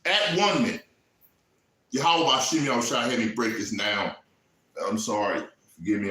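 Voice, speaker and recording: A man preaching a fervent sermon, building from earnest teaching into raised, shouted passages, with quieter emotional stretches. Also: medium pitch, very animated, moderate pace, pauses often, echoey room, rough recording. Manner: fervent, rising to shouts, then softening into emotional asides.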